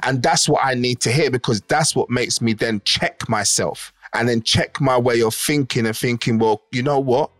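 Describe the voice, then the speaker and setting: A man's voice: medium pitch, moderate pace, few pauses, a bit bright, no echo, studio quality. A middle-aged man, co-hosting a podcast in casual chat. He talks emphatically and keeps checking that he is understood. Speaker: podcast co-host.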